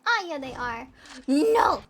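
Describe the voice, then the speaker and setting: High-voiced giggly streamer woman. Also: moderate pace, crowd noise. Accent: Southern American. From United States. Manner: rambling, giggly, chatting with viewers. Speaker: VTuber streamer. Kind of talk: casual stream chat. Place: hot room at home. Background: faint background music.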